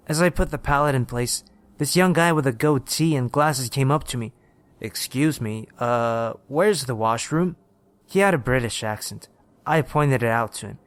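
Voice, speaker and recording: A man narrating a first-person horror story in a steady, plain storytelling manner. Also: medium pitch, clear, resonant tone, no echo.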